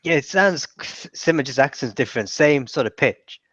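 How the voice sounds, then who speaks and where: A man's voice: mid-range voice, expressive, brisk, fairly bright tone, no echo. A man, hosting a casual chat in a rambling way with frequent restarts. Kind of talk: casual conversation. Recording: dull lo-fi dry audio.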